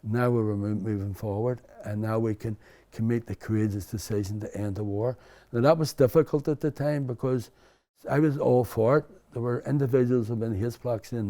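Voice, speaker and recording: A man's voice: medium pitch, normal speed, dark tone. An older man from Belfast with a Belfast accent, telling his story as an interview guest in a rambling, candid way. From Belfast, Northern Ireland. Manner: rambling, frequent restarts and "you know".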